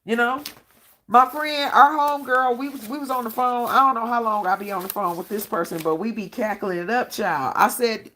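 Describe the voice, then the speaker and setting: A woman's voice: on the high side, moderate pace, pushed and bright, a little hiss or hum. A woman hosting a live-stream Q&A, talking bluntly and profanely in a combative tone and often asking "all right?". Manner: blunt, profane street talk. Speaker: channel host.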